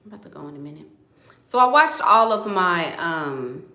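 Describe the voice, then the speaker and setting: A woman's voice: lowish voice, very animated, moderate pace, bright, forceful tone, reverberant. A woman vlogger telling gossip to her viewers in a casual, chatty way, often calling them "girl".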